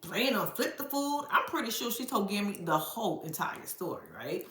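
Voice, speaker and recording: Lively, bright-voiced woman recapping reality TV. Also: mid-range voice, normal speed, roomy sound. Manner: animated, profane, dramatic storyteller who laughs often and addresses viewers as "y'all". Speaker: reality show recap host. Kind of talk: casual recap commentary.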